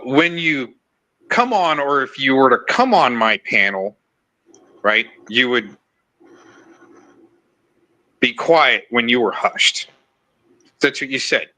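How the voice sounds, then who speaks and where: A man's voice: medium pitch, sharp tone, rough recording. A man on a livestream panel, confronting and accusing the host in a heated argument.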